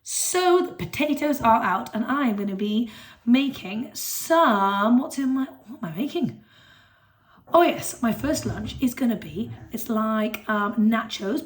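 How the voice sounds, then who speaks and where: A woman's voice: fairly high pitch, animated, measured pace. Chatty woman food vlogging. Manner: chatty, enthusiastic, talks while eating. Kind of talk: casual food vlog chat.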